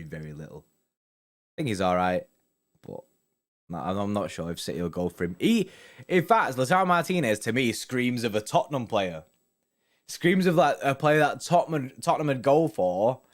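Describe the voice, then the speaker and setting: A young man hosting a casual football fan live stream, bantering loosely with viewers and reading out their comments. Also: medium pitch. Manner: chatty, laid-back banter with frequent "mate" and "innit". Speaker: football fan channel host.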